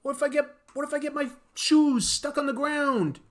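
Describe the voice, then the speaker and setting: Man doing a young superhero, male, high whiny voice, panicky, fretful. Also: steady tone, moderate pace, fairly bright tone. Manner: whining, fretful.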